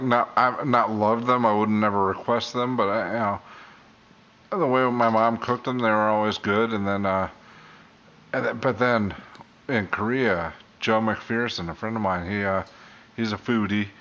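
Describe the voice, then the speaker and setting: A man's voice: lowish voice, unhurried, fairly bright tone, muffled recording. A man chatting loosely on a podcast, rambling and swearing casually. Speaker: podcast co-host. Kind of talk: casual chat.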